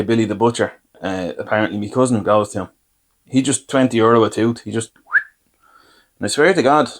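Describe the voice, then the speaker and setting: An Irish podcast host talks through his own mishaps in a loose, rambling way, poking fun at himself. His voice sits at an ordinary middle pitch for a man, and he slips into little acted-out exchanges as he goes. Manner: rambling, self-deprecating anecdotes with acted-out quotes. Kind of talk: comic storytelling.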